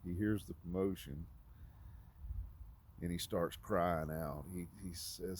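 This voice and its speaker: A man giving an informal, conversational sermon, halting often with fillers and restarts. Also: low-pitched, a little hiss or hum. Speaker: preacher.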